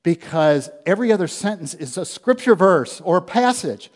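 A man preaching a sermon as pastor, telling a story in an animated way, with loud bursts that drop to hushed low lines. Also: moderate pace. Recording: long hall reverb.

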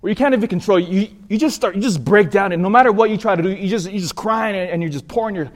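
A man's voice: high voice, fast talker. A man from California, a priest, preaching a sermon in an earnest storytelling manner that rises for emphasis.

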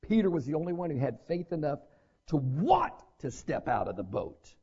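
A man preaching a sermon as pastor, animated and conversational, with asides to his congregation. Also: a little high, moderate pace, breathy edge, lo-fi sound.

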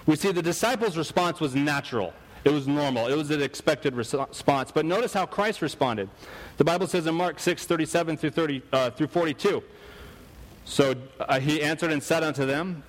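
A man's voice: on the high side, big-room sound, poor audio. A man preaching a sermon, telling stories with animation and acting out the voices of people he quotes. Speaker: pastor.

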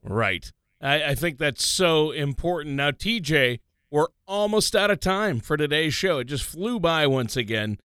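A man's voice: on the high side, animated, measured pace, fairly bright tone, clean tone, dry recording, studio quality. A man co-hosting a radio talk show, speaking in an upbeat way as he wraps up the episode. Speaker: radio co-host.

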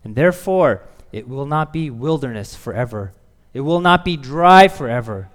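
A man delivers a sermon in a church sanctuary, his earnest preaching swelling to emphatic peaks before falling quiet. His middle-pitched voice carries a long hall reverb. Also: animated, moderate pace. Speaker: pastor.

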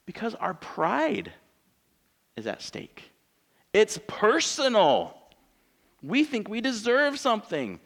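A man's voice: high-pitched, huge pitch swings, takes it slowly, vocal fry, long pauses, fairly bright tone. A man in his thirties, a pastor preaching a sermon in church in a conversational, joking way, asking his congregation rhetorical questions.

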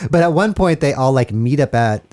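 A man's voice: mid-range voice, a little fast. A man hosting a podcast, recapping a horror film in a casual, joking way and acting out the characters. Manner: animated, joking, acts out characters. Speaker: podcast host.

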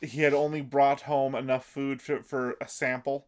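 A man's voice: medium pitch, little pitch movement, normal speed. A man in casual chat, recapping an episode for a co-host, laughing often and restarting his sentences. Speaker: podcast co-host.

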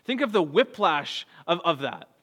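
Pastor in his thirties, earnest preaching, slightly high voice with bright edge. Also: sing-song, normal speed, slightly rough. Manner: earnest, swings between soft low lines and raised bursts. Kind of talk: sermon. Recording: long hall reverb.

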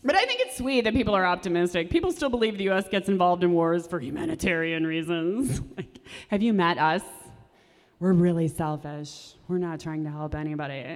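A young adult woman doing a stand-up comedy set with a dry, sardonic delivery, recorded live in a performance space. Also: fairly low pitch. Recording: reverberant live room.

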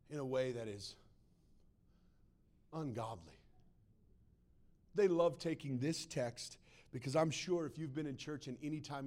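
A man preaching a sermon to a church congregation, swinging between loud acted-out quotes and quiet, low asides. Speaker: pastor.

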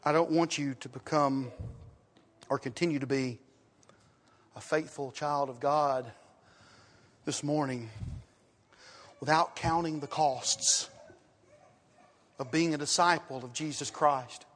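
High-voiced man preaching in an echoing hall. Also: fairly even intonation, slow pace, pauses often. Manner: emphatic, repeats phrases, asks rhetorical questions, swings from loud to hushed. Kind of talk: sermon. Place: church sanctuary.

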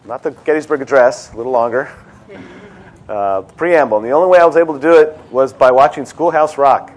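A middle-aged man teaching a seminar in a classroom, animated and joking, with many fillers and restarts. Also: medium pitch, brisk, slight background noise. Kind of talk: classroom lecture and discussion.

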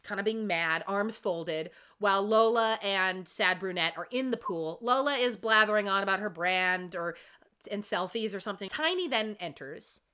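With a clear, resonant tone at medium pitch and moderate speed, this podcast co-host chats casually through an episode recap. She brings energy to it, performing the characters' quoted lines.

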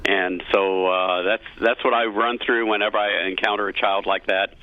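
Man, middle-aged, low voice, tinny dry phone line, earnest choir director. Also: fairly even intonation, normal speed, no room sound. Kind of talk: radio interview guest.

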